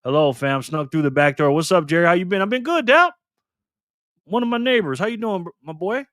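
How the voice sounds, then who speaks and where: Chill guy on a live stream reading chat out loud, laughs a lot, dry close mic. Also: high voice, animated, brisk, no room sound.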